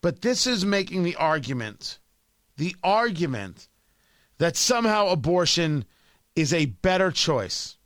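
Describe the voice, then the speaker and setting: A man's voice: a little high, very animated, a little slow, fairly bright tone, no echo. A man hosting a political commentary show, delivering an opinionated, sarcastic monologue with emphatic repetition.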